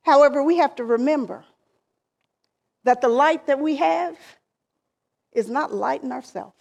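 A woman preaching a sermon, deliberate and emphatic, with phrases that rise and then trail off softly. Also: sits high, gravelly. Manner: slow, deliberate preaching with emphatic rises and soft trailing endings.

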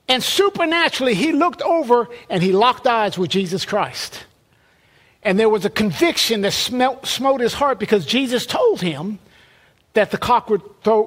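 Male preacher with a very high voice, conversational sermon delivery, stumbles and repeats words. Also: fairly bright tone.

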